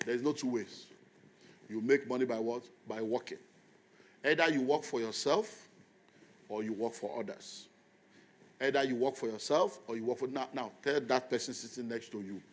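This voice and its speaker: A middle-aged man with a Nigerian accent preaching, telling an animated story and acting out dialogue. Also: medium pitch, moderate pace, long pauses. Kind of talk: storytelling sermon.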